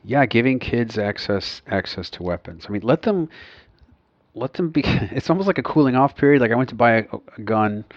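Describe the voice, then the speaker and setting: A man's voice: mid-range voice, expressive, a little fast, no echo, highs cut off. A man in his fifties, a podcast co-host, chatting casually and rambling with many restarts. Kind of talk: casual chat.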